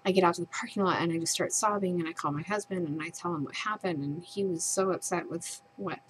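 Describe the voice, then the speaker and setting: A woman's voice: fairly low pitch, fast talker, slight background noise, rough recording. A young woman vlogger earnestly retelling a distressing personal experience in her own words. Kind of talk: personal storytelling.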